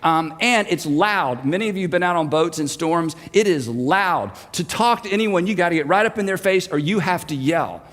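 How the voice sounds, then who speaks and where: A male pastor with a high-pitched voice delivers a sermon as animated storytelling. He swings from loud, emphatic moments to quiet, intimate asides, and a long reverb from a large hall trails every phrase. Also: normal speed, few pauses. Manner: lively storytelling, shifting between loud and hushed.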